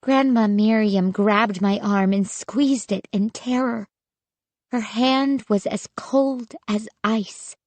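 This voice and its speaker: A woman narrating a spooky children's audiobook in a measured, suspenseful reading. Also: mid-range voice, darkish tone, no echo. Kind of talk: scripted horror narration.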